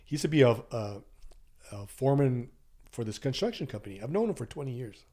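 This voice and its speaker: A man in his sixties telling a personal story as a podcast guest in a loose, chatty way, acting out the voices of people in it. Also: brisk. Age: 60s. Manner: animated, acts out quoted dialogue with pitch jumps; loose and conversational, many fillers and asides. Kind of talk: casual storytelling.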